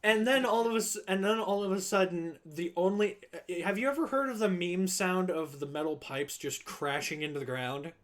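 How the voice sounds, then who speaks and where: A man's voice: high voice, normal speed, few pauses. A young man streaming, telling a long work story casually and acting out the people in it. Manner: animated, acts out quoted people in voices.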